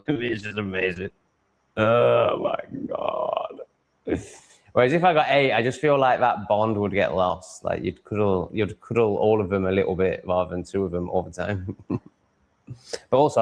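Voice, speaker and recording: A man talks through a casual live stream from home, answering viewers as he goes. His voice sits a little low. He rambles, swears freely, trips over restarts and chuckles between thoughts. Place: at home with cats on his lap.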